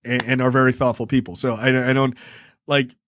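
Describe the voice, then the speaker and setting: A man co-hosting a casual film review podcast, animated and profane, laughing often and slipping into mimicked voices. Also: medium pitch, fairly quick, dry recording, clean studio sound. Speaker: podcast co-host.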